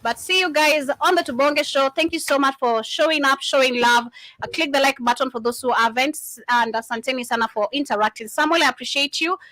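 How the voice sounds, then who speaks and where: High-voiced woman host signing off. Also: brisk, sharp tone, no room sound. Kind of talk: show sign-off.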